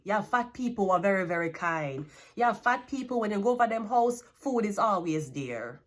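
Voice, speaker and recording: A woman's voice: medium pitch, expressive, moderate pace, hardly any pauses. Blunt Jamaican woman scolding. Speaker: tarot card reader. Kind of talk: tarot reading rant.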